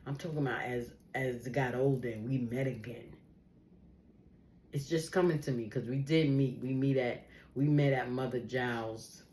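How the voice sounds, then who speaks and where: A woman telling a personal story in a casual, animated way, acting out the people she quotes. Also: a bass voice, a little hiss or hum.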